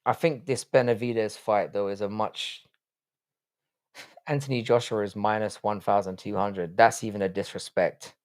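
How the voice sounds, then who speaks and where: A man's voice: lowish voice, fairly even intonation, moderate pace. A man hosting a casual live stream, reading chat aloud and answering in a blunt, profane way.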